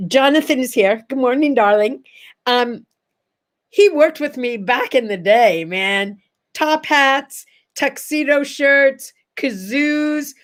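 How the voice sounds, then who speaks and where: An older woman hosting a casual morning chat, telling stories with lively energy and acting out the voices of the people in them. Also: high-pitched, slow. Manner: animated, acts out quoted voices in stories. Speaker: livestream host.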